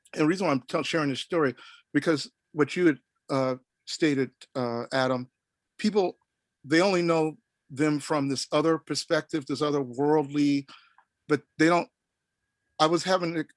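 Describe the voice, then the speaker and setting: A middle-aged man from Oklahoma telling a story on a panel, animated and rambling with many restarts. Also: a little high, moderate pace, no echo. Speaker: panel guest.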